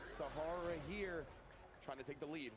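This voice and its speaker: A man's voice: a little high, normal speed. A man giving analytical color commentary on a tournament, breaking down each play.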